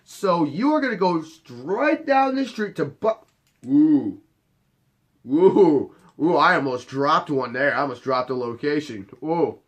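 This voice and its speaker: A man's voice: on the high side, animated, takes it slowly. A man who works as a bar bouncer and head of security, telling a story to camera in a casual, swaggering way with plenty of swearing. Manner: cocky, profane and swaggering.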